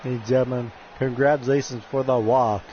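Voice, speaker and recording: A man's voice: medium pitch, steady tone, brisk, lo-fi sound, background noise. A man hosting a game stream, giving jokey wrestling-announcer play-by-play, calling the crowd folks and often stumbling and restarting his phrases.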